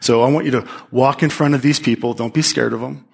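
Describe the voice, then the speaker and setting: A man preaching to his congregation, his voice mid-pitched and ordinary for a man. He speaks with animated emphasis and often restarts his phrases. His sermon delivery is lively. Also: quick pace, creaky, breathy edge. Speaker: pastor teaching.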